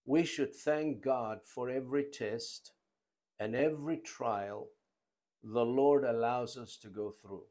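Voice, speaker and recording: Slow, emphatic preaching man. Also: medium pitch. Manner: emphatic, rising and falling in loudness, slow deliberate phrasing. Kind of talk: sermon.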